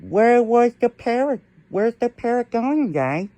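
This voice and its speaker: A man voicing an excitable young boy who lost his pet parrot, in a squeaky, excited voice. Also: unhurried, no echo, heavily acted.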